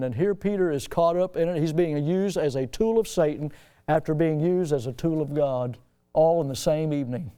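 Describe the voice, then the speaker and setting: Male preacher, high clear voice, emotional emphatic sermon delivery. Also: warm tone. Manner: emotional, emphatic preaching with dramatic swings in pitch and volume.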